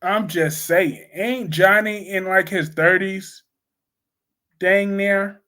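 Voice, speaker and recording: A man with a high voice talks slowly and bluntly through his soap opera opinions. He repeats his points for emphasis in a casual live-stream chat with viewers. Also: fairly even intonation, bright, forceful tone.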